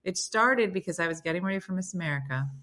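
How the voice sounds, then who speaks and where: A woman in her fifties talks to her phone camera on a livestream, spinning family stories and answering viewer comments. Her voice sits a little low but has a bright, forceful edge, and she turns animated when a story gets exciting. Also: fast. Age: 50s. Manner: chatty, animated, rises sharply when excited. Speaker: livestream host.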